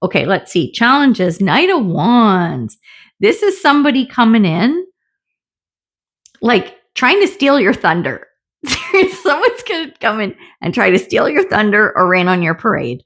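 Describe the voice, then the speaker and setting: A woman's voice: medium pitch, big pitch swings, measured pace, a bit bright. A middle-aged woman giving a casual tarot reading, chatty and often laughing, with the odd swear word. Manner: chatty, laughing, swears, acts out little voices. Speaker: tarot reader.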